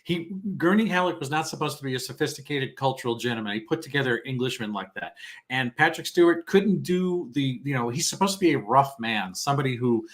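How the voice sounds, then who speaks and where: A man talks as a guest in a casual film chat, animated and blunt, with swearing mixed in. His voice sits at an ordinary pitch. He sounds as if he is on a video call. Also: a little fast. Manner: animated, swears freely, acts out quoted lines. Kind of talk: casual film discussion on a livestream.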